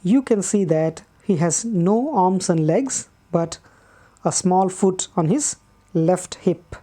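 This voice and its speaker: A woman teacher explains a textbook lesson, speaking patiently and deliberately, repeating key words and pausing often. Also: fairly low pitch, lively intonation, warm tone. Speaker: English teacher. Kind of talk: slow classroom explanation.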